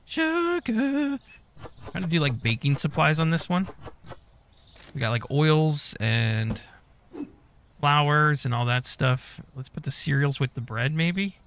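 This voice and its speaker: A man's voice: mid-range voice, takes it slowly, a bit bright, slight background noise. A man giving casual gameplay commentary, muttering to himself as he goes and swearing often. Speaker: gaming YouTuber.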